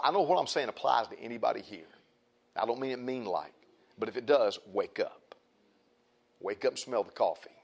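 Animated preacher man. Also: fairly high pitch. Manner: emphatic, repetitive, folksy asides to the congregation. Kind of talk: sermon.

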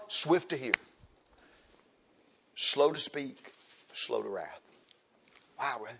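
A man preaching a folksy sermon, acting out the people in his stories. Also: slightly rough. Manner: folksy, animated, acts out quoted people in high voices. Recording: dull lo-fi recording.

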